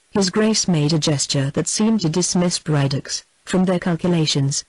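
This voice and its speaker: Audiobook narrator, steady even reading, dry close sound, middling pitch. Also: moderate pace, hardly any pauses, no echo, poor audio. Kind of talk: scripted narration.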